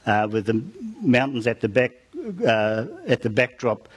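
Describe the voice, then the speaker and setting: A man gives a storytelling sermon, retelling a tale to his congregation and calling out to them throughout. His voice is lowish and steady, and his pace is measured.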